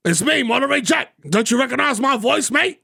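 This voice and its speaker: A man's voice: extremely high pitch, expressive, a little fast, creaky, pushed and bright, husky, no echo, studio quality, pitched above the performer's own voice, exaggerated voice. A man doing a fat Australian cartoon chipmunk. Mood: hammy boast. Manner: boastful, hammy.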